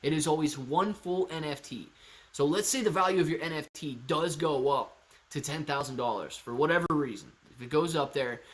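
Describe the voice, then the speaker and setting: Hyped-up streaming host, man with a raised voice. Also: a little high. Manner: energetic and hyped, calls viewers man and dude. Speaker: livestream host answering chat. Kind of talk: casual live-stream chat.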